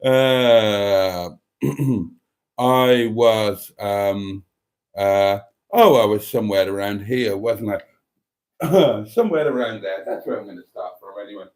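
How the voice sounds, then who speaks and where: A man's voice: fairly low pitch, slow pace, darkish tone. A man from Britain hosting a live stream, chatting casually and rambling between jokes. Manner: rambling, jokey, theatrical.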